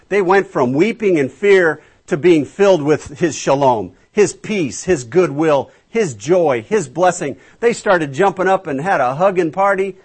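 A man preaching with a husky, breathy tone and a voice that swings widely up and down. He tells the story dramatically, putting on the voices of its figures and throwing questions out to his listeners. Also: a little high. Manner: acts out voices of biblical figures, asks the audience questions. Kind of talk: animated storytelling sermon.

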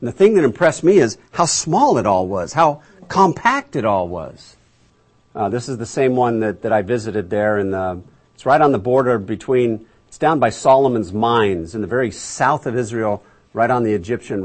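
A man's voice: fairly low pitch, expressive, normal speed. A man teaching a conversational Bible lesson, asking the class rhetorical questions and restarting his sentences often.

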